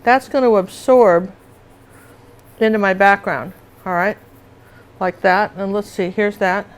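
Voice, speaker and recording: A woman's voice: medium pitch, steady tone, a little slow, rough recording. Chatty woman teaching painting live. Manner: chatty, asks viewers "see that?".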